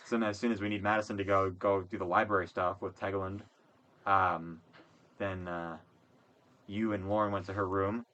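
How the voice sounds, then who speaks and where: Young male podcast host, bright voice, animated and profane storyteller, chatting in a dorm room. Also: deep voice, moderate pace. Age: young adult. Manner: animated, profane, acts out quotes. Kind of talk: casual storytelling chat.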